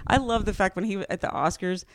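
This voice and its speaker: A woman's voice: mid-range voice, fast talker, no echo. A woman co-hosting a comedy podcast, chatting casually, teasing her co-host, laughing often and swearing freely. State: allergies.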